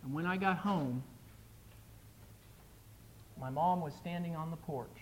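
An earnest male preacher delivers a sermon with emphasis. His voice sits somewhat higher than most men's. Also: a little slow, a little hiss or hum, rough recording.

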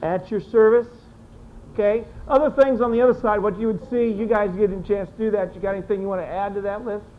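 A teacher leading a classroom discussion, briskly encouraging students and repeating their answers aloud. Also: medium pitch, steady tone, a little hiss or hum. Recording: dull lo-fi classroom recording.

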